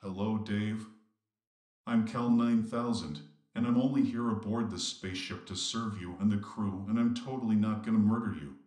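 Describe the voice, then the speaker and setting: A synthetic male voice playing an eerily polite spaceship computer with a smooth, courteous manner. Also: on the low side, fairly even intonation, moderate pace, a little mellow, close to an everyday voice. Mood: sinister calm. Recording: roomy echo.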